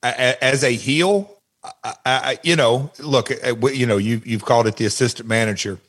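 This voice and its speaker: A man's voice: mid-range voice, moderate pace, fairly bright tone, husky. Guy on a podcast telling old stories, keeps restarting his sentences. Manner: rambling, repeats words and restarts. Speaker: guest. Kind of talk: casual interview chat.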